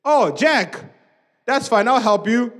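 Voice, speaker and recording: A man voicing God, who speaks calmly and with assurance to a man in trouble. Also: very high voice, slow pace, voice pushed up, heavily acted. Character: calm voice of God answering a desperate man. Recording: long reverb of a church hall.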